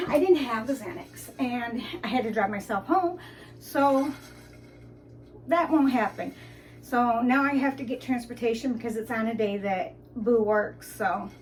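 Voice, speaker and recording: Vlogger woman from the Detroit area, high voice, rambling chat, a little far from the mic. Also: a little hiss or hum. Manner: chatty and rambling, with frequent fillers. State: out of breath. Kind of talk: casual vlog chat. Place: indoors at home, then outdoors at a theme park.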